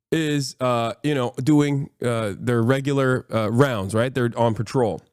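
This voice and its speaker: A male streamer recaps a TV episode for his chat in loose, profane, animated talk. He leans on fillers and restarts. His voice sits at a middle pitch with a dry, close sound. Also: no echo. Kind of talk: casual reaction commentary.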